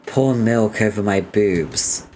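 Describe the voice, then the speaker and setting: A man reading as a crude, deadpan young female troll who makes blunt lewd remarks in a slow, flat way. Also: fairly low pitch, soft background music.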